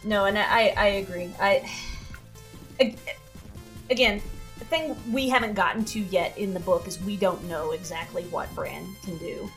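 A woman's voice: medium pitch, steady tone, normal speed, a bit bright, faint music behind. A woman co-hosting a casual podcast, talking animatedly with lots of fillers, restarts and laughter. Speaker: podcast co-host. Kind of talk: casual chat.

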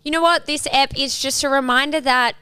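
A young woman co-hosting a podcast in casual chat, animated and sweary, summing up for listeners. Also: high voice, fairly quick, no echo, clean studio sound. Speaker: podcast co-host.

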